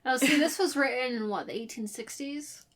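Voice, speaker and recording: Co-host, woman, a touch higher in pitch, deadpan and wry, adds context between her partner's retellings. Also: normal speed. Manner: dry, wry asides and historical comments. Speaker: podcast co-host. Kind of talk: casual book discussion.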